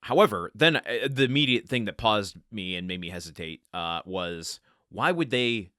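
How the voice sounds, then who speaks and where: A man hosting a book podcast who reads aloud and then thinks out loud, rambling and interrupting himself. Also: fairly low pitch, expressive, normal speed, no echo, clean studio sound. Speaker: podcast host. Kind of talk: book-reading podcast with commentary.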